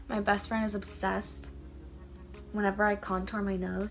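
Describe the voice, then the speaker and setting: A young woman chatting casually as a beauty vlogger while doing her makeup, animated and playfully ranting. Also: mid-range voice, normal speed, creaky, faint music behind. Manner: chatty and animated, rants playfully with emphatic emphasis.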